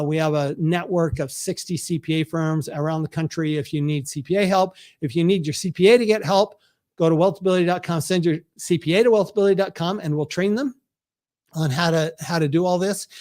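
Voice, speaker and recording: A man with a high-pitched voice hosts his book launch live online. He talks earnestly and responds to viewer comments as they come in, heard through a video call setup. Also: a little mellow.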